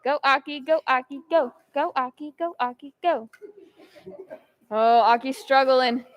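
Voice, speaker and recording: A young woman with a high voice hosts a casual game with an upbeat, encouraging manner. She keeps a relaxed, chatty tone. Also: a little slow, no room sound, lo-fi sound. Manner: upbeat, cheers players on. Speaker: host running a campus game.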